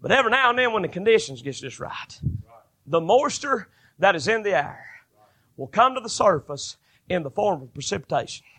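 A man preaches a fervent sermon. His voice is high and bright, and it climbs into shouted, ringing stretches. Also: sing-song, a little fast, breathy edge. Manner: fervent, rising to shouted bursts.

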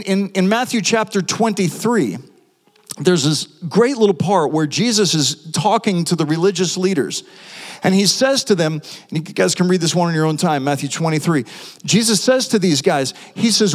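A male pastor preaching a sermon, animated, asking the audience rhetorical questions. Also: sits high, moderate pace. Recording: long hall reverb.

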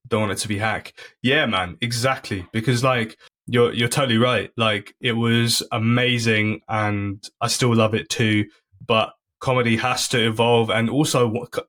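Man, comedian guest, mid-pitched voice, earnest, many restarts, casual chat. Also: steady tone, moderate pace, fairly bright tone. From United Kingdom. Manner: earnest, lots of restarts and "you know".

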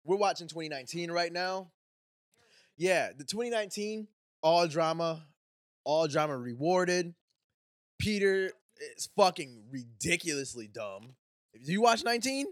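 A man's voice: a little high, expressive, measured pace, no echo, studio quality. A young man co-hosting a casual podcast, ranting with profanity and exasperation. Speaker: podcast co-host. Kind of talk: casual crude podcast banter.

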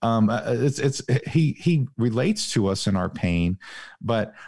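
A man co-hosts a casual podcast about faith, talking in an animated way and acting out little dialogues with God. His voice is gravelly and mid-pitched. The sound is dry and close. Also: a little slow, dry recording. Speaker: podcast co-host.

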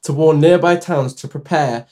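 A man's voice: a little high, normal speed, darkish tone. A man co-hosting a casual podcast, reading short myths aloud and tripping over his lines with laughter, on one mic shared in a room at the back of a house. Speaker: podcast co-host. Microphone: one microphone shared by two people.

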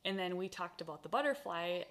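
A woman's voice: lowish voice, animated, fairly quick, fairly bright tone, slight background noise. A woman hosting a casual kitchen chat with her sister, telling stories animatedly and laughing often. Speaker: podcast host.

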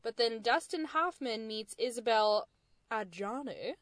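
A woman's voice: a little high, expressive, a little slow, no room sound. A young American woman co-hosting a podcast, chatting casually in a thoughtful, hedging way. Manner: thoughtful, hedging, with soft laughs. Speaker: podcast co-host. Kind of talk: casual chat.

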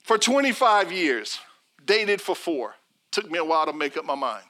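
A man's voice: on the high side, normal speed. A middle-aged man preaching a sermon as pastor, telling stories and acting out the people in them. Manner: animated storytelling preacher, acts out quotes.

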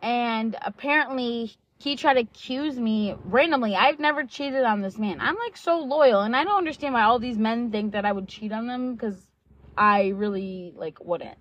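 A woman's voice: on the high side, moderate pace, a bit bright. A woman in her twenties, telling a personal story in a candid, blunt way, swearing freely and filling her talk with "like" and "um". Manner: candid and blunt, swears often, many fillers like "like" and "um"; acts out quoted dialogue while retelling. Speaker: vlogger. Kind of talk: casual storytelling. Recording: dull lo-fi sound.

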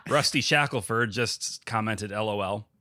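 A man hosts a comedy podcast, narrating in a deadpan way and reading listener comments aloud. His voice is low-ish but bright and forceful, and it is recorded dry and close. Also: normal speed, no room sound. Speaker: podcast host. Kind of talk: comedic narration and casual chat.

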